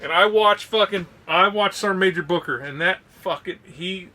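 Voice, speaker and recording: A man co-hosting a podcast, telling a story in a loose, profane, animated way. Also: sits high, moderate pace, distant mic. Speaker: podcast co-host. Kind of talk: casual storytelling.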